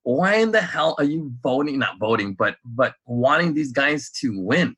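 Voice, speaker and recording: A man co-hosting a casual podcast. He talks in a rambling, animated way, laughs often and swears now and then. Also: medium pitch, normal speed, breathy edge. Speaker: podcast co-host.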